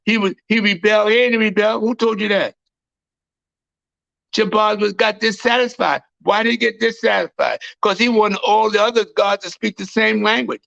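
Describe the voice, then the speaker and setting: A man preaches with hammering emphasis, circling back on his points and breaking into shouts. His voice sits high and sharp with a gravelly edge. The recording is dry and dull, with a lo-fi sound. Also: no room sound. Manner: emphatic, repetitive, bursts into shouting. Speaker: self-styled high priest preacher. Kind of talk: fiery street-style preaching.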